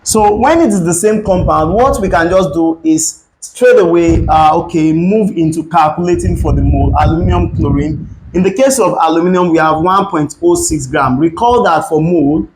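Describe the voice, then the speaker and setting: A man's voice: a little high, moderate pace, a little mellow, low-quality recording. A man teaching an exam-prep chemistry lesson, working through calculations step by step and repeating key points. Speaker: chemistry tutor.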